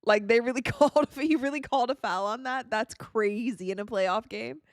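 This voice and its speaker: An excitable woman from the United States giving casual live commentary while watching a game, tired and yawning, with quick reactions and frequent laughs. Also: a little high, dry recording, studio quality. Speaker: live-stream sports commentator.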